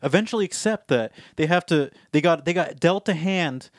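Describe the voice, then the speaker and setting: Young guy rambling on a podcast, kinda high voice, tons of likes and you knows, dry close mic. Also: animated, moderate pace, dry recording. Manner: rambling, heavy use of like and you know. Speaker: podcast co-host. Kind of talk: casual podcast chat.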